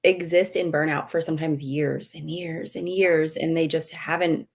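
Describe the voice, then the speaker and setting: A woman's voice: sits low, fairly even intonation, moderate pace. A woman, a spiritual medium, chatting candidly as a guest on a livestream and acting out her own outbursts. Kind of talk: casual livestream chat.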